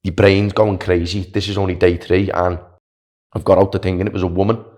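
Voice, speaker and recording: A young man, a podcast guest, telling a story in a chatty, animated way, full of "like" and "do you know what I mean". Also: sits low, fairly quick. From Wales. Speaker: podcast guest, long-distance walker. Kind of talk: casual storytelling.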